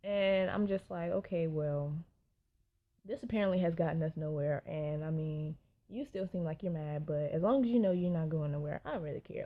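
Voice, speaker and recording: A woman's voice: fairly low pitch, moderate pace. Chatty young woman telling a story. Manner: chatty, animated storytelling with laughs and asides to viewers. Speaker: vlogger. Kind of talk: storytime vlog. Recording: dull lo-fi sound.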